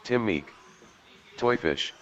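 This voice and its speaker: A deep-voiced man reads out drivers' names at a race, one at a time, in flat, clipped calls. Faint noise sits under his voice. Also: slow, lo-fi sound. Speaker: race official reading results.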